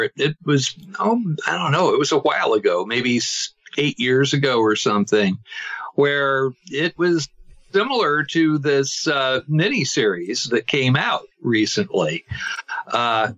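A man appearing as a guest on a podcast, talking slowly and hesitantly with frequent fillers. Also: mid-range voice, a bit bright, dull audio. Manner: slow, hesitant, many uh fillers. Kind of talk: casual interview chat.

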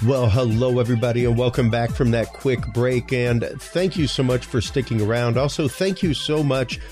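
A man's voice: mid-range voice, over music. A man hosting a podcast, reading sponsor plugs and then chatting with a guest, often restarting with fillers. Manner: halting, many fillers and restarts. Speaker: podcast host. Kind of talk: casual interview chat.

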